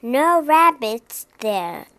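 A woman voicing a small, grumpy young male rabbit in a storybook reading, with high, squeaky, childlike exclamations. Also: big pitch swings, drawn-out words, a bit bright, no room sound, heavily acted. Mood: wistful.

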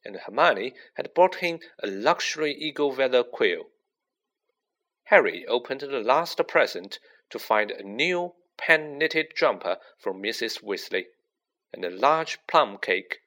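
A man reading a storybook aloud as narrator, with an expressive, varied delivery. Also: medium pitch, a little slow. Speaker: audiobook reader.

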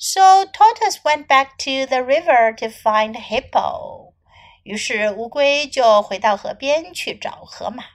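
Slow sing-song woman reading a children's story. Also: high-pitched, expressive. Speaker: English teacher and storyteller.

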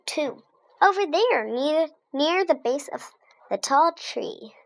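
Lady reading as a gentle teacher lady, calm and kind, slow, bright tone. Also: high voice, gravelly, exaggerated voice. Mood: encouraging. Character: kind, calm female schoolteacher.

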